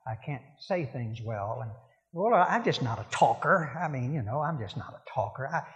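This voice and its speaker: A man's voice: medium pitch, lively intonation, moderate pace, fairly bright tone, long reverb tail, lo-fi sound, pitched below the performer's own voice, close to an everyday voice. A man preaching who voices a timid prophet, stammering and hesitant as he pleads that he cannot speak. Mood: pleading.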